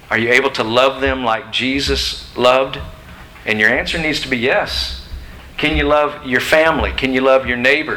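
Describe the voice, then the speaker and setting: A man's voice: mid-range voice, pushed and bright, low-quality recording. A middle-aged man preaching a sermon in a church, emphatic and questioning his listeners. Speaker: pastor. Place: church sanctuary.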